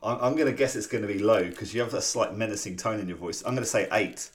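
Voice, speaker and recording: A man co-hosts a podcast in casual, playful chat, rambling, often restarting his sentences, and teasing his co-host. His voice is fairly low and his pace is quick.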